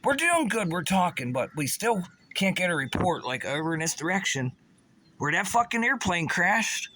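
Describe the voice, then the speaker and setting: A man's voice: sits high, very animated, normal speed, noisy background. A man from the Pittsburgh area, delivering an agitated, sarcastic, profane rant and stumbling over his restarts. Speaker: vlogger.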